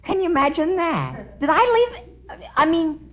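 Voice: very high-pitched, wildly swooping pitch, normal speed, crowd noise, full character voice. An actor voicing an eager, flustered teenage boy in a 1940s radio sitcom, with cracking exclamations. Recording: muffled 1940s radio broadcast.

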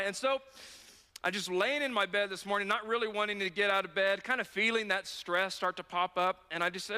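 A man's voice: high voice, brisk, pushed and bright, clear, resonant tone, big-room sound. A male pastor preaching a sermon in an earnest, conversational storytelling manner.

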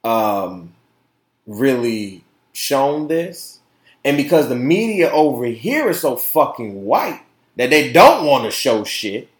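Podcast host, male, slow and heated, pitch leaping all over, roomy echo. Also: sing-song. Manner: impassioned, profane, repeats words, swings from shouting to quiet. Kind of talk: casual opinion podcast monologue.

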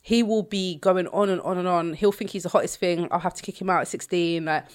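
A woman's voice: on the low side, fairly quick. A young woman, a radio DJ, telling stories in a casual podcast chat and laughing often. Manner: animated storytelling, laughing often.

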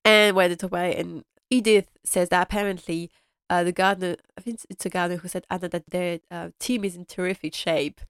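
Chatty lady recapping an episode, lowish voice, dry close sound, laughs a lot. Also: steady tone, a little fast, smooth, no room sound. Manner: chatty, laughs often, retells scenes. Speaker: podcast host.

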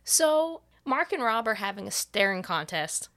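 A woman co-hosting a podcast, recapping a movie in a casual, profane, animated way, often breaking into laughter. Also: mid-range voice, unhurried. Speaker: podcast co-host.

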